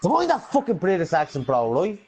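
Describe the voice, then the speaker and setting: Irish gamer guy, brash banter, animated and a bit high. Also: fairly quick, a little hiss or hum. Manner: cocky, teasing banter. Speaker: game chat player. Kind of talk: casual gaming voice chat.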